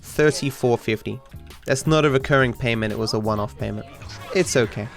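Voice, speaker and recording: A man's voice: medium pitch, brisk, faint music behind. Sarcastic Australian man streaming gameplay. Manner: sarcastic, self-deprecating, with sudden excited outbursts. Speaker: speedrunning streamer. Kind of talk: casual gameplay commentary.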